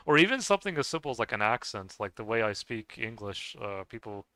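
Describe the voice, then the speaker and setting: A man from the United States, a gaming streamer, chatting casually while he plays, rambling and halting with many restarts and soft chuckles. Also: lowish voice, sing-song, no echo. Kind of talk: casual chat while playing a game.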